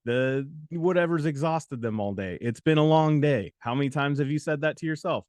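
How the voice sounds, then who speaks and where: A man's voice: fairly high pitch, normal speed, few pauses, a little mellow, dry recording. Preachy, repetitive male study coach, dry sound. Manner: preachy and repetitive, with joking asides. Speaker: exam prep coach and host. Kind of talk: motivational talk on a study livestream.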